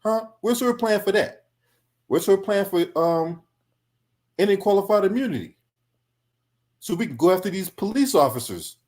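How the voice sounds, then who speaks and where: Man, angry political reaction stream, confrontational, profane, somewhat high pitch. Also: animated, moderate pace, pauses often, darkish tone. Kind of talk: heated reaction commentary.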